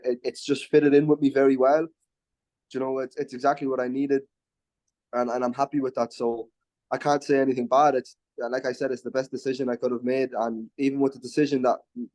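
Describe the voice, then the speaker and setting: A man's voice: mid-range voice, a little mellow. A young man, an MMA fighter talking confidently in a casual interview, often restarting his words. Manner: brash and confident, quick restarts.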